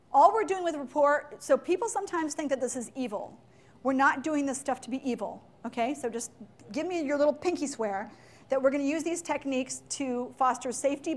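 A leadership and sales trainer with a high voice runs a playful workshop in a meeting room with window blinds, chatty and full of quick asides and acted-out examples.

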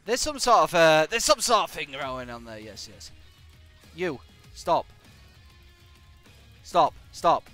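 A gamer on a live stream delivers animated, sarcastic, jokey commentary with sudden exclamations as he plays. His slightly high voice goes slowly, with long pauses, over faint background music.

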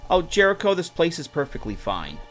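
A man's voice: on the high side, wildly swooping pitch, a little fast. Chatty guy streaming a game, lots of uh and um, faint music behind. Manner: rambling, filler-heavy, chatty with viewers. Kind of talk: casual live-stream commentary.

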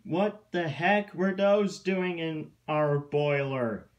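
A man's voice: medium pitch, extremely slow, fairly bright tone, dull audio. A man voicing a grumpy, quarrelsome male diesel engine twin in a storybook reading. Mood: indignant. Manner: quarrelsome, indignant.

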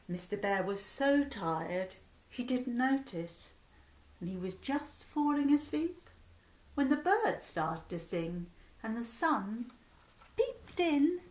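A woman teacher reading a picture book aloud to children, slow and animated, with lively sound effects. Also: a little high. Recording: echoey room.

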